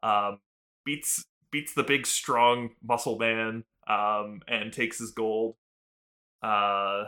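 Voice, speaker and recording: Bright-voiced man recapping an episode. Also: fairly low pitch, fairly even intonation, drawn-out words. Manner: rambling, full of "like" and "um", laughing often. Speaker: podcast co-host. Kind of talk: casual chat recapping a TV episode.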